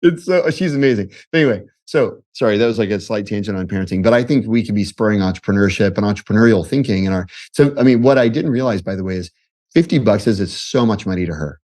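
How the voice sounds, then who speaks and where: A man in his forties, a podcast guest, telling casual stories in an animated way, often breaking off and laughing. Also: lowish voice, fast talker. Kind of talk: casual storytelling.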